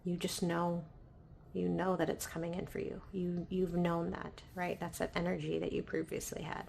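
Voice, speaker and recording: A woman giving a pick-a-pile tarot reading in a gentle, affirming way, often checking in with "right?". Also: lowish voice, little pitch movement, normal speed, creaky. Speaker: tarot reader.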